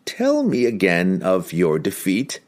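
A man voicing a scheming, pampered male wizard who speaks in a slow, calm, crooning way with an evil edge. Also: deep voice, full character voice. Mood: silky menace.

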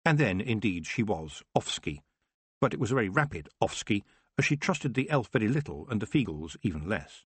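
Husky low-voiced male narrator, expressive. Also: brisk, no room sound. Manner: expressive storytelling. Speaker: audiobook narrator. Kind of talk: scripted narration.

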